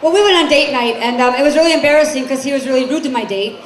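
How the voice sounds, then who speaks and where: A woman in her forties races through a stand-up set on a club stage in a high voice, brassy and chatty as she questions the crowd. The echoey club recording carries crowd noise, laughter and room sound.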